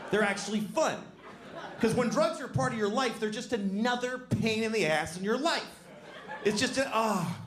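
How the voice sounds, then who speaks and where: A middle-aged man doing a stand-up comedy set, telling stories in a deadpan, profane way with sudden shouted bursts. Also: sits high. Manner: profane, deadpan storytelling that jumps to loud shouted outbursts. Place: comedy stage before a live audience. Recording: live show with clear audience noise.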